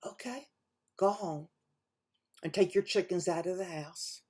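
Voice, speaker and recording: A woman voicing a calm old wise man who gives slow, quiet advice in a told folk tale. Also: fairly low pitch, slightly rough. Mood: knowing. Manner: slow, hushed, knowing.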